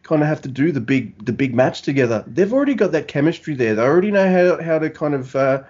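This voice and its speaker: A man co-hosting a podcast, talking in a relaxed, rambling way. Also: fairly high pitch, fast, slightly rough, dull audio. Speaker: podcast co-host. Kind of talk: casual chat.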